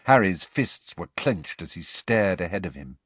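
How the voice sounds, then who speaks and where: Male audiobook narrator, low husky voice, lively inflection, dry close sound. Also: moderate pace, no room sound. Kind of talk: scripted narration.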